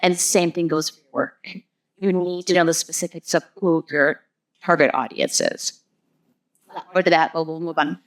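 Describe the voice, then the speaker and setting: Woman, low voice, casual interview guest, explains through analogies, lots of "like". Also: normal speed. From US Midwest. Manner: explains in long strings of everyday analogies, frequent "like" and "you know". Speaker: guest, marketing business founder.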